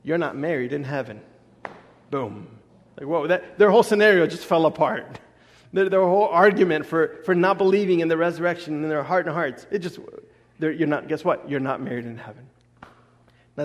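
A man preaching a casual sermon as a pastor, animated, acting out voices and laughing often. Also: a little high. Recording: long echo of a large hall.

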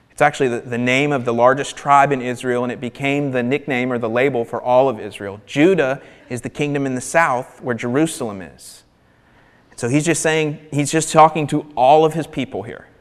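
A man preaching a sermon, animated and emphatic, sometimes dropping his voice to a near-whisper for emphasis. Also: medium pitch, moderate pace, long reverb tail.

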